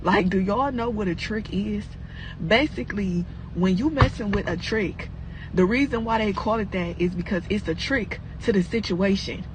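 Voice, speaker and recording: A woman's voice: mid-range voice, slight background noise, low-quality recording. A young woman in a casual vlog, lecturing with rhetorical questions. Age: young adult.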